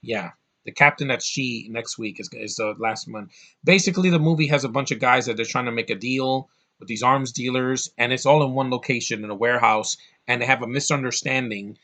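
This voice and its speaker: A man talking straight to camera in a loose, rambling movie-review vlog. His voice is bright and forward, and he swears freely and gets heated. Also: medium pitch, normal speed. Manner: rambling, profane, fired-up.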